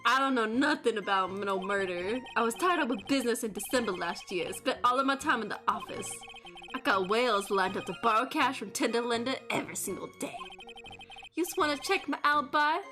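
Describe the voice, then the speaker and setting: Woman doing a gruff brooklyn tough guy. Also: on the high side, expressive, brisk, music in the background, lightly acted. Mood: defensive. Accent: Brooklyn (put on). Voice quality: gruff, streetwise slang.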